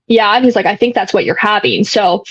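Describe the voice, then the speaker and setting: A woman's voice: mid-range voice, brisk, a bit bright, husky, no echo. A young woman telling her own story in a casual, candid way, rambling with many fillers and some blunt swearing. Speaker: guest sharing recovery story. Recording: dull, dry lo-fi sound.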